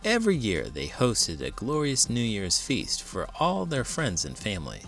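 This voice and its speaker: Expressive man reading a picture book. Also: lowish voice, moderate pace, gravelly, faint music behind. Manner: expressive, dramatic storytelling. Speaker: teacher and children's book reader. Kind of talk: children's read-aloud narration.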